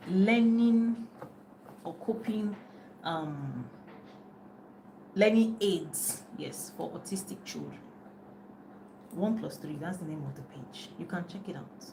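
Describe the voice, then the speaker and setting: On a casual phone live stream, a middle-aged woman coach for life and business talks chattily, frequently losing track and laughing. Her medium-pitched voice has a darkish tone, heard through a low-quality recording with slight background noise.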